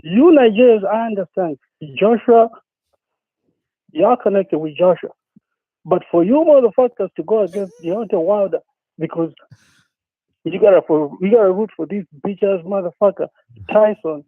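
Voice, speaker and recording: A man with a high voice calls in to a talk show over a tinny phone line, ranting angrily in a profane, repetitive, worked-up way. He talks at normal speed but pauses often, and there's no room sound.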